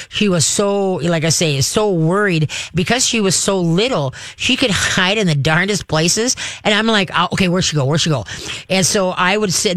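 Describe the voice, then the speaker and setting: A woman's voice: lowish voice, no room sound. A woman hosting a call-in radio show about dogs, talking in a rambling, folksy way and acting out what the dogs are thinking. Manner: rambling, folksy, acts out dogs' voices. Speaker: radio show host and dog trainer. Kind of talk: casual call-in radio talk.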